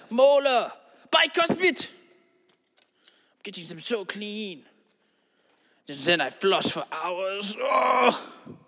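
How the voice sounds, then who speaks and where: A man's voice: sits high, bright, forceful tone, heavily acted. A man voicing a rambling, self-absorbed eccentric in a comedy monologue, drawling and meandering, then turning suddenly crude. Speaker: comedy podcast host. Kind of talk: absurd comic monologue in a character voice. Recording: long reverberant echo.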